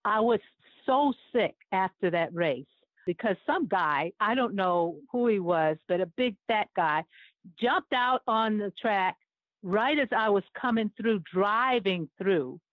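A woman in her seventies recounts a personal story with vivid, emotional storytelling and frequent laughter, her voice at a middle pitch. The sound is tinny and phone-like, with a dry, close feel. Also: dry recording. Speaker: former Olympic runner and sports chaplain, interview guest.

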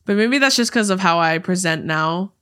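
Bright-voiced young woman chatting, laughing. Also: fairly low pitch, animated, normal speed, clean tone. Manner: chatty, laughs often, lots of fillers. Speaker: podcast co-host. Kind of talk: casual chat.

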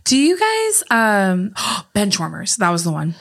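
A young woman co-hosting a casual podcast reads out listener submissions in a relaxed, ordinary voice. She teases her partner and laughs easily between lines. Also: mid-range voice, measured pace, creaky. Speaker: podcast co-host. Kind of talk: casual chat.

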